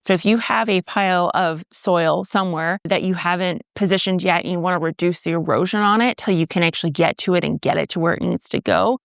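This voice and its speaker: Canadian gardening host explaining stuff casually, gravelly voice, kinda wry. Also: medium pitch, a little fast, few pauses, a bit bright, no room sound, studio quality. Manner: casual, practical, wry asides.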